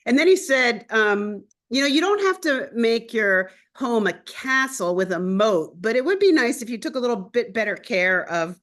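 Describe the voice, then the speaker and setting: A woman hosting a casual interview, telling lively stories and laughing often as she talks about astrology and animals. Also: fairly high pitch, normal speed, hardly any pauses. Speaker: host and astrologer.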